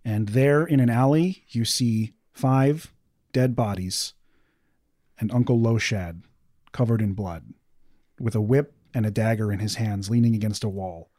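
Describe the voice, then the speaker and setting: A man running a tabletop game as game master, calmly narrating scenes and calling for dice rolls. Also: lowish voice, a little slow, dry recording, clean studio sound. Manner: calm, descriptive narration.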